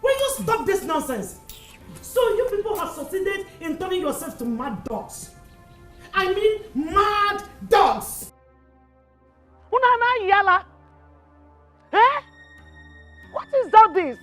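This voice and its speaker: A woman's voice: very high voice, sing-song, unhurried, pauses often, faint music behind, exaggerated voice. An actress playing a Nigerian mother who scolds and pleads with her grown son. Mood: scolding. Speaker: mother of the husband. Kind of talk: Nollywood film acting.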